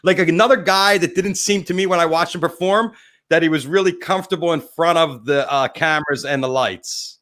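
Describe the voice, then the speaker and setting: A man with a bright, sharp voice hosts a casual interview. He chats along easily, agrees often and asks quick follow-up questions. His voice sits slightly high for a man. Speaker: interview host and photographer.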